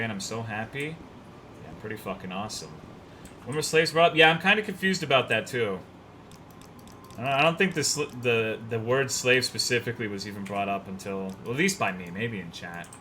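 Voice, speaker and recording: A young man streams a game and chats casually, swearing freely and rambling as he answers his chat. His voice is bright and forward, with a faint hum of room noise behind it. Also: mid-range voice, a little fast. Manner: loose, profane, rambling, reads chat aloud.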